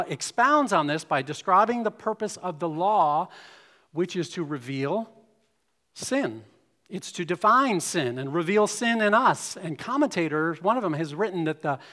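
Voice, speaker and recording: A man's voice: high voice, pushed and bright. A man preaching a sermon, explaining scripture and reading passages aloud to his congregation. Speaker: pastor. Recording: long reverb of a hall.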